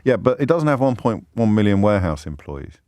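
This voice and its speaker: A man hosting a talk radio phone-in, speaking in an animated, indignant way and firing off rhetorical questions. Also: on the low side, fairly quick, no room sound, clean studio sound. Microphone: studio microphone.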